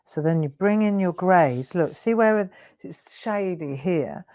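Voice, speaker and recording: A woman's voice: fairly low pitch, animated, measured pace, darkish tone. A middle-aged woman hosting a live craft demonstration, talking viewers through her coloring in a chatty, coaxing way. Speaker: craft show host.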